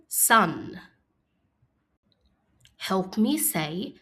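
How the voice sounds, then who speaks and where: A woman teaching an early-years phonics lesson, speaking slowly and clearly in an encouraging classroom manner. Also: mid-range voice, lively intonation.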